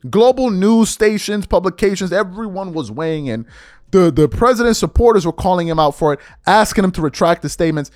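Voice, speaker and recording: Animated, high-voiced male podcast host. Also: dry recording, studio quality. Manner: animated, incredulous, reads articles aloud. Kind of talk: political commentary.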